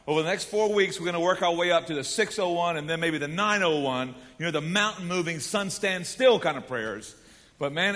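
A man delivers a sermon, folksy and animated, sprinkling in casual asides. His voice sits high for a man, and it rings out with a long hall reverb behind it. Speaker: pastor.

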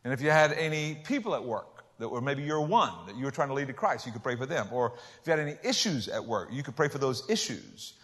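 An older man preaching a sermon in a folksy, joking way, swinging between loud emphasis and soft asides. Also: medium pitch, very animated, fast talker, few pauses. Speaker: pastor. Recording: hall reverb.

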